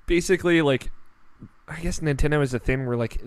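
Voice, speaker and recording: A man hosting a casual gaming podcast, rambling in a relaxed way and swearing now and then. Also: on the high side, fairly quick, clean tone, dry recording. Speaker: podcast host.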